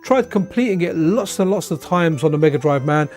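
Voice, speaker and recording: A man's voice: fairly high pitch, animated, brisk, darkish tone, soft background music. A tired man chatting loosely while he plays old console games on a live stream, rambling and repeating himself. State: tired, yawning. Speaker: streamer playing retro games. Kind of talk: casual live-stream commentary.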